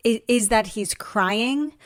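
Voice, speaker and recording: A woman therapist co-hosting a podcast, speaking in a thoughtful, analytical, measured way. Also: on the high side, no echo, clean studio sound. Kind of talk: casual chat.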